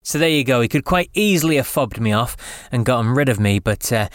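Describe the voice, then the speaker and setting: A man's voice: medium pitch, expressive, a little fast, dry recording, studio quality. A man hosting a podcast in an upbeat, friendly way. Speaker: podcast host.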